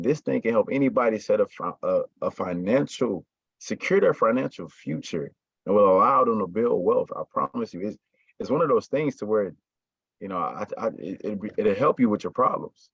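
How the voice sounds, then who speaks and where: A man's voice: lowish voice, animated, brisk, vocal fry, slightly rough, no room sound. Emphatic male sales coach, muffled audio. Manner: emphatic, repeats "right?" and "you got me?". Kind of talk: casual coaching talk to a team.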